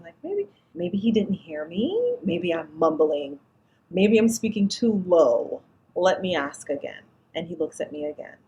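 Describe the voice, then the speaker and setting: Animated woman telling a story. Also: lowish voice, a little hiss or hum, rough recording. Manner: expressive, acts out dialogue, laughs often. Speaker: guest, diabetes educator.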